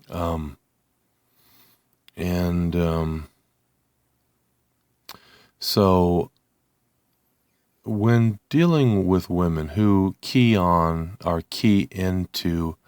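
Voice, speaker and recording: A man talking alone to his listeners, slowly and haltingly, with many ums and restarts. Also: low-pitched, a little mellow, dry recording, clean studio sound. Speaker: channel host. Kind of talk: unscripted monologue to camera.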